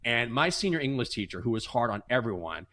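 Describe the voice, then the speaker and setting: Animated male sports-betting show host. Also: medium pitch, fairly quick. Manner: animated, acts out voices in anecdotes. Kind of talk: casual storytelling and sports betting chat.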